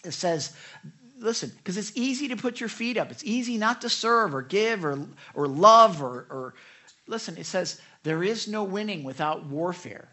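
A middle-aged pastor delivers a sermon at a normal pace in a bright, ringing voice, swinging animatedly from booming emphasis to hushed confessions. Candid and self-deprecating, he keeps the message personal and lively.

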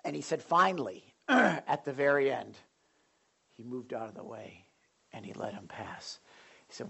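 A male pastor preaching a sermon with animated storytelling and questions to the audience. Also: medium pitch, moderate pace, gravelly, long pauses, husky.

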